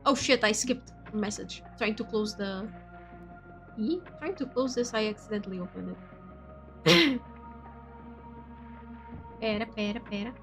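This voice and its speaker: A woman's voice: medium pitch, a little slow, pauses often, music in the background. A woman streamer, Portuguese her first language, reading a visual novel aloud and chatting with viewers in a chatty, giggly way. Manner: chatty, giggly, switches between reading and asides.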